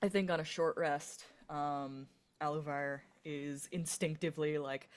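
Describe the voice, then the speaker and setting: Woman player at a tabletop game, low voice, lots of ums and likes. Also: steady tone, measured pace, clear, resonant tone. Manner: casual, filler-heavy describing of her character. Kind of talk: casual tabletop play.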